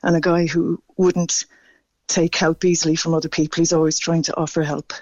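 Male caller, dry and dull phone sound, flat, stammering and moved. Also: a little high, fairly quick, no room sound. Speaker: radio caller. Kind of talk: phone-in radio chat.

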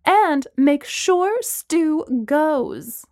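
A woman's voice: high voice, animated, drawn-out words, darkish tone, dry recording, clean studio sound, voice pushed up, exaggerated voice. A woman voicing a bossy, commanding mother speaking over a phone in a storybook reading. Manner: commanding, fussy.

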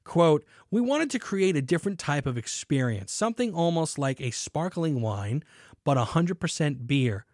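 A man's voice: fairly high pitch, sing-song, moderate pace, a little mellow, dry recording, studio quality. A man hosting a beer podcast, reading articles aloud and breaking off into sarcastic, swearing rants. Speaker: podcast host.

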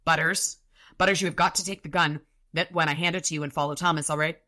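Woman reading as a stubborn wizard man, commanding, urgent, low bright voice. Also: steady tone, fast talker. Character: stubborn, wounded wizard man taking charge.

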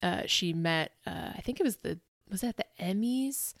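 A woman co-hosting a podcast, chatting quickly and gossiping with questions for her co-host. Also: medium pitch, animated, no room sound, studio quality. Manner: quick gossipy chat, asks follow-up questions. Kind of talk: casual chat.

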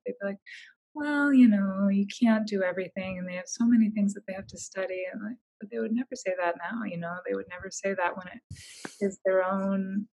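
Young woman, podcast guest; husky, chatty, many fillers, quick laughs. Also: mid-range voice, a little mellow, low-quality recording. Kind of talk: casual conversation.

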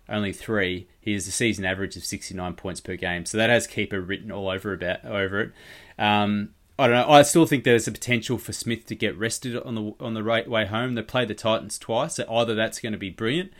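Brief: laid-back host, rambling banter, low-ish voice. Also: male voice, a bit bright. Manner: rambling, restarts, swears and teases. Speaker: podcast host. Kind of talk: casual sports fantasy chat.

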